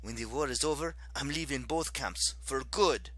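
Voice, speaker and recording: A man's voice: mid-range voice, moderate pace, a bit bright, close to an everyday voice. A man voicing a grim, brooding teenage boy who speaks coldly. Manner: cold, snarling.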